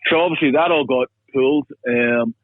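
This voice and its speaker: A man's voice: medium pitch, moderate pace, no room sound. A man from Northern Ireland with a Northern Irish accent, a musician chatting affably as a guest in a phone interview. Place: Los Angeles, calling in. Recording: tinny phone line.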